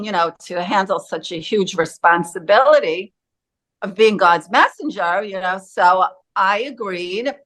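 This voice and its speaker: A woman's voice: medium pitch, a bit bright. Earnest woman telling a vivid story. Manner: earnest, vivid retelling that acts out quotes. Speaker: interview guest. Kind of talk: personal storytelling in an interview.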